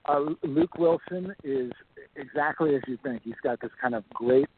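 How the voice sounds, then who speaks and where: A man's voice: mid-range voice, moderate pace, a little hiss or hum. A man from Texas, an actor, chatting as a guest in a casual interview, rambling with plenty of fillers. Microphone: phone call. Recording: tinny phone line.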